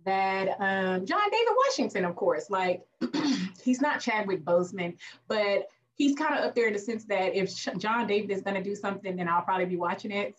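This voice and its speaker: A woman co-hosting a casual movie review podcast, speaking, animated, acting out lines from the film and laughing often. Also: mid-range voice, recorded from a distance, highs cut off. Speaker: podcast co-host.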